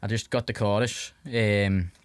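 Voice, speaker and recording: Young Scouse man, podcast guest, low-ish voice, dry close sound, rambling casual storyteller. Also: steady tone, measured pace, clean tone, no echo. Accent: Liverpool (Scouse). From Liverpool, England. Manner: rambling, heavy fillers and restarts, swears freely.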